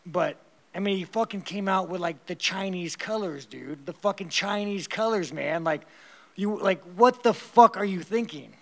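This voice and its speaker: At a press conference, a fighter gives blunt, wandering, profanity-laden answers and laughs a lot. He has a high-pitched, creaky male voice and talks at a normal speed.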